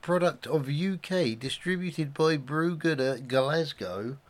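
A man's voice: fairly high pitch, takes it slowly. A man co-hosting a casual podcast, laid-back and blunt, swearing freely. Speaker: podcast co-host. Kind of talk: casual chat over beers.

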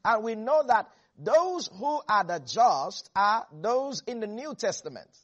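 High-voiced man preaching a sermon. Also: big pitch swings, a little slow, lo-fi sound. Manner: emphatic, calls on congregation to repeat phrases.

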